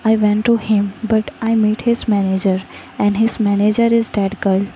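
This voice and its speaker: A woman voicing a friendly, cheerful young man in a fan fiction story reading, with a flat, even delivery. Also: medium pitch, normal speed, slight background noise, close to an everyday voice, poor audio.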